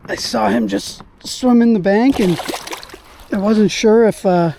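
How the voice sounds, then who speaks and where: A man narrating his own fishing trip from a kayak outdoors, chatting casually and bursting into excited exclamations. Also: high-pitched, a little slow, vocal fry, a little hiss or hum. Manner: excitable, bursts of exclamations while landing fish. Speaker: fishing vlogger. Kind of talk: casual on-the-water commentary. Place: outdoors on a lake or river from a kayak.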